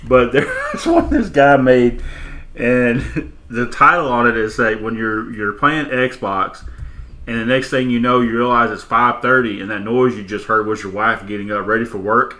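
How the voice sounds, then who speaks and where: A middle-aged man on a podcast, chatting casually and telling animated stories, acting out quotes and laughing often. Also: mid-range voice, normal speed. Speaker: podcast co-host. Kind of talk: casual chat.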